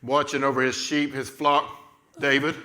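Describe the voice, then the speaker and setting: A man's voice: medium pitch, flat delivery, normal speed, bright, forceful tone. A man leading a children's church lesson, playfully telling a Bible story and directing kids as they act it out. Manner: playful, coaching children through a skit.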